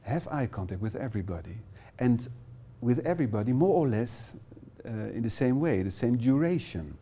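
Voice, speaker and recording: A man's voice: mid-range voice, expressive, moderate pace, mellow, a little hiss or hum. Dutch-accented man leading a workshop. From Netherlands. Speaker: workshop trainer. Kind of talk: live workshop presentation. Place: small classroom.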